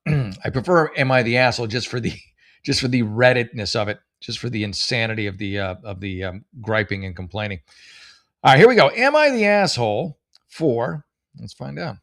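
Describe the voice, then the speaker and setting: A man's voice: fairly low pitch, a little fast, a bit bright. A man in his forties hosting a comedy advice show, reading posts aloud and reacting with sarcastic, rambling, exasperated commentary. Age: 40s.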